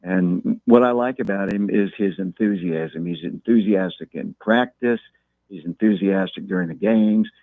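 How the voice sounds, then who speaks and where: Guy on a phone line, low voice, dry tinny sound, kinda slow and measured. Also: no room sound. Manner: measured, repeats words when thinking. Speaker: guest talking local high school football. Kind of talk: phone-in interview.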